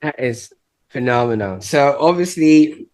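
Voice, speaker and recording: A man hosting an interview podcast, asking questions haltingly and repeating words as he builds them. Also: medium pitch, expressive, a little mellow. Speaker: podcast host.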